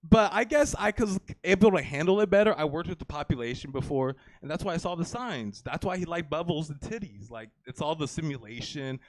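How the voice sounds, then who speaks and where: This live stand-up set comes from a comedian in his twenties whose voice is a little high and expressive. He talks briskly with few pauses, rambling crudely and leaning on "you know" and "like," in a clean studio-quality recording with no echo.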